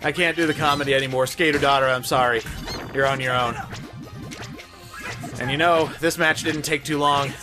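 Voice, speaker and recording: A man's voice: medium pitch, steady tone, normal speed, pauses often. A man hosting a let's play, giving goofy, self-mocking gameplay commentary. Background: game music.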